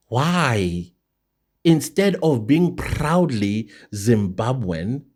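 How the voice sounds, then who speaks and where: A man's voice: mid-range voice, darkish tone. A South African man hosting an impassioned opinion monologue, firing off rhetorical questions. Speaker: show host.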